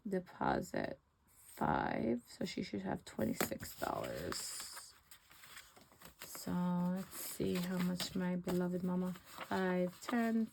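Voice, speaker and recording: Casting note: outspoken woman with a gravelly, mellow voice, chatty budgeting vlogger, faint hiss behind her. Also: on the low side, poor audio. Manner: sassy, talks back to herself, counts money aloud. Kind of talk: casual chat while counting cash.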